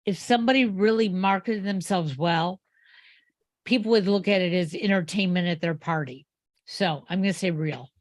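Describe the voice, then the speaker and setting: An upbeat woman co-hosting a casual radio talk show, with a voice of middling pitch. She is recorded close and dry, with no room sound around her. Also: dry recording. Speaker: producer and co-host.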